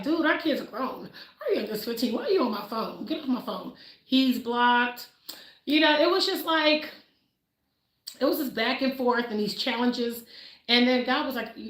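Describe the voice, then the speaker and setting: A woman in her forties talking casually on a livestream, telling her story with animated delivery and acting out the voices she quotes. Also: on the high side. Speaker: livestream host. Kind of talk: casual motivational livestream talk. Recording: echoey room.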